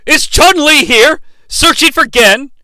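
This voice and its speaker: Brief: a high, bright-toned man, sarcastic and rambling, with a dry, close sound. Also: slow pace, no room sound. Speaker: host. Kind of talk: comedic movie review.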